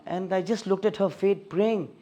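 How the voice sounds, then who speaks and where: A man's voice: sits high, moderate pace. A middle-aged man with an Indian English accent, sharing a personal faith testimony at a fellowship meeting in a storytelling manner. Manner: storytelling, animated when reliving scenes. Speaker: guest speaker sharing a testimony.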